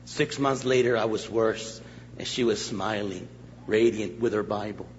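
A man from Los Angeles County preaching his testimony as a guest speaker in a church, an animated storyteller who acts out voices and jokes with the crowd. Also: fairly low pitch, measured pace, slight background noise. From Los Angeles County, USA. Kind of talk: sermon testimony. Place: church sanctuary. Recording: echoey hall, slightly dull sound.

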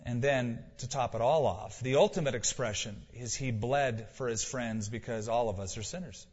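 A man's voice: mid-range voice, moderate pace, darkish tone, breathy edge. A male pastor preaching a sermon with emphasis, asking rhetorical questions and repeating key lines for weight. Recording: dull lo-fi sound with long hall reverb.

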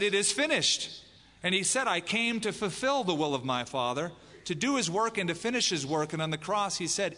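A man's voice: fairly high pitch, pushed and bright. A man preaching a sermon as pastor, emphatic, dramatizing the lines he quotes. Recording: long hall reverb.

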